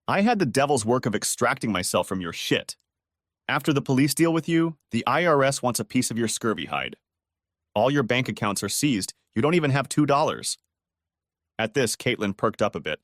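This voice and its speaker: A man's voice: medium pitch, big pitch swings, moderate pace, fairly bright tone, no echo, studio quality. A man narrating a first-person audiobook story in a cold, scornful tone.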